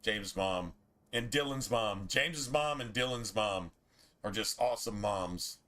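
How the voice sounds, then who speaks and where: A man's voice: fairly low pitch, a little slow, a bit bright. A man streaming a video game, chatting in a rambling, laid-back and profane way. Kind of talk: casual gameplay commentary.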